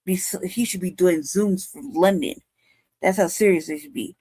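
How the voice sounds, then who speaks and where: Female podcast host, 40s, low and dry voice, angry profane ranter. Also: moderate pace, mellow, husky, no echo. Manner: profane, ranting, repetitive, emphatic. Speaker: show host. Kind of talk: heated podcast commentary.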